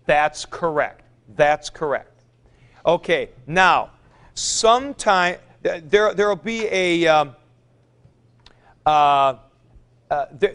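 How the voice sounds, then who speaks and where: Male Greek teacher, middle-aged, slow and clear, patient classroom lecture, a bit higher voice. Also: fairly bright tone. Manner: patient, explanatory, demonstrative.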